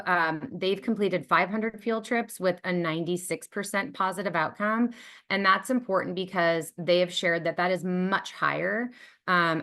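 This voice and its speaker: A woman's voice: on the low side, fairly bright tone. A woman giving a conversational webinar presentation about a dog charity program, enthusiastic and heartfelt, with frequent ums and likes.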